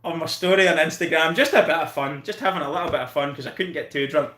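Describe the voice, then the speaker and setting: Excitable Scottish man with a fairly high voice. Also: quick pace, roomy sound. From Scotland. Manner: excitable, rambling, swears freely. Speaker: live stream host. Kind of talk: casual live-stream chat.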